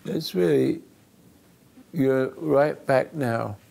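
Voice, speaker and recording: A man hosting a spiritual call-in radio show, talking slowly and asking rhetorical questions as he preaches. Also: medium pitch, vocal fry, darkish tone.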